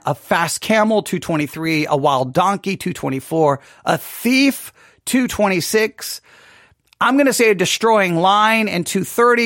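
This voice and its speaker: A man's voice: a little high, creaky, fairly bright tone, dry recording, clean studio sound. A man teaching a Bible study class, thinking aloud and asking many rhetorical questions.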